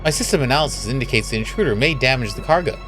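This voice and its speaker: A man's voice: medium pitch, very fast, soft background music, natural voice. A man reading the lines of a stubborn, formal emergency AI aboard a spaceship in a story game. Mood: dutiful. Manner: flat, formal, rule-bound. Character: calm stubborn ship AI assistant.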